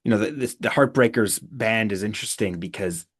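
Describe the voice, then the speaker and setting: Low-voiced man telling stories. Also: brisk, husky. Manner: animated storyteller, frequent fillers and restarts. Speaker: author and podcast guest. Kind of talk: casual anecdote-telling.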